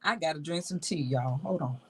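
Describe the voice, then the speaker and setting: A woman's voice: deep voice, fairly quick, a little mellow, breathy edge, poor audio. A woman teaching from the Bible in a casual, emphatic way, reading verses aloud and repeating key words.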